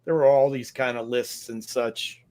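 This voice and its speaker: A man's voice: mid-range voice, fairly even intonation, normal speed, a little mellow. A man on a live music panel who drops wry, quippy asides.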